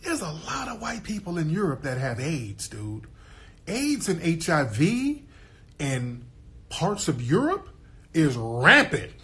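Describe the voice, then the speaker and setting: Guy ranting casual, streetwise and profane, keeps checking you follow, voice sits a bit high. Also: wildly swooping pitch, slow pace, sharp tone. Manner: emphatic, streetwise, profane, asks the listener for agreement. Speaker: guest commentator. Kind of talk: casual monologue.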